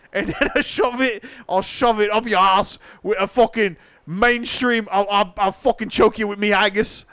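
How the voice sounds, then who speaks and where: A man's voice: extremely high pitch, a bit bright, clean tone, no room sound, pitched above the performer's own voice, full character voice. A man putting on a crude, brawling character with a jumbled British-Australian accent, boisterous and profane. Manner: boisterous, profane, threatening in a jokey way. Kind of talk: improvised comedic accent bit.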